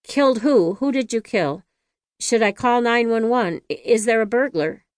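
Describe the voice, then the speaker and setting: A woman's voice: mid-range voice, big pitch swings, fairly quick, no echo, clean studio sound, lightly acted. A woman reading the lines of a worried neighbor woman asking urgent questions, in an audiobook.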